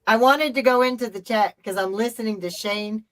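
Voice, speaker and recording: A middle-aged woman hosts a live stream and tells a story in casual chat, her voice fairly high, fairly quick and fairly bright. The recording is low quality, and her delivery is emphatic, profane and rambling.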